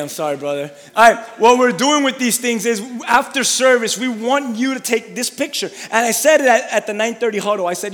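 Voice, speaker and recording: A man who is a pastor giving church announcements, stumbling over restarts and working up to loud, excited calls to the congregation. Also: extremely high pitch, moderate pace. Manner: repetitive stammering restarts, then shouting and laughing. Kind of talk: church announcements building to a shouted sermon-style hype. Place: large church hall. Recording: long hall reverb.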